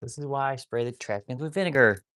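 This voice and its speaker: A man talks to his rescued wolfdogs, swearing and telling them how wild they are. His voice sits at an ordinary middle pitch. He speaks in a loose, chatty vlog style. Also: fast, sharp tone. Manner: scolding animals, swearing, repeats "that's crazy, bro". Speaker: wolfdog rescuer and live streamer. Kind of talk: casual vlog talk to dogs and viewers.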